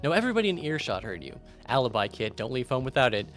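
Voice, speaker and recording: A man's voice: medium pitch, sing-song, quick pace, faint music behind, lightly acted. Crooked game hustler, sly and foul-mouthed, middle voice, read by a man. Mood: scheming. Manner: sly, wheedling, swearing. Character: shady male street businessman, sly and crude.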